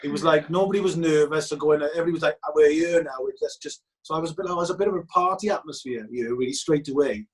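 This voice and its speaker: Man, film director, casual interview, animated, chatty, somewhat high voice. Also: fast, hardly any pauses. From Wales. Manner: animated, chatty, many restarts and re-enacted quotes.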